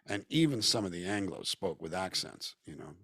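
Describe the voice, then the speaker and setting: A man's voice: deep voice, sing-song, normal speed, sharp tone, breathy edge, no echo, studio quality. A man from Southern California, a guest musician and actor, talking at length and thoughtfully over a video call. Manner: reflective, talkative, acts out quoted voices. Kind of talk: casual interview chat.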